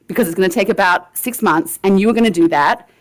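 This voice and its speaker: A woman's voice: medium pitch, quick pace. A woman improvising a comedy sketch, bossily scolding and lecturing with frequent laughs. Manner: bossy, scolding, laughs a lot.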